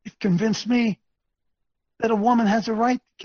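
A man hosting a webcast, delivering a preachy, ranting commentary, repeating himself emphatically and swinging between loud bursts and low muttering. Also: level tone, moderate pace, no room sound. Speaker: webcast host. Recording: dull lo-fi dry recording.

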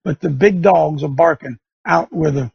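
A man's voice: on the high side, moderate pace, creaky, slightly rough, dull audio. A man hosting a religious talk show, preaching with sarcasm and rising fire. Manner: fiery, sarcastic, rising to shouts.

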